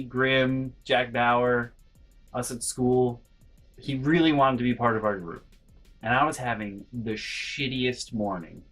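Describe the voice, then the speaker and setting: A man vlogging a personal story in an animated way, swinging between hushed and loud and swearing freely. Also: medium pitch, rough recording. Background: faint background music.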